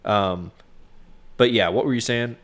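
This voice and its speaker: A man's voice: lowish voice, a little slow, fairly bright tone. A man with a stuffy, nasal voice, co-hosting a casual business podcast and giving plainspoken advice. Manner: plainspoken, advisory. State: stuffy nose from smoke. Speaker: co-host, property manager.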